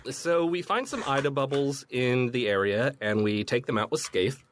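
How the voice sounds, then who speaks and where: A man casually recapping a video game's story on a podcast, swearing freely and retelling scenes with quick quotes. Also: mid-range voice, slight background noise. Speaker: podcast host recapping a game. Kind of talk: casual chat.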